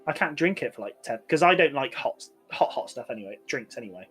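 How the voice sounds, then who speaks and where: A man's voice: mid-range voice, lively intonation, fast talker, a bit bright, soft background music. A man, co-hosting a podcast and telling a rambling story full of fillers. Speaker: podcast co-host. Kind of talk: casual chat.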